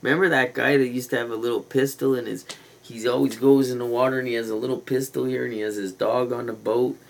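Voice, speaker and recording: A man's voice: mid-range voice, level tone, quick pace, creaky, low-quality recording. A man hosting a livestream, rambling in a casual, meandering and conspiratorial way with loose slang. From Canada. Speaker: livestream host.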